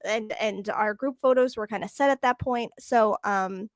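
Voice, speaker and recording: A podcast co-host tells a story in casual chat, acting out the dialogue. Her mid-range voice moves at a moderate pace, and the sound is clean studio quality with no echo.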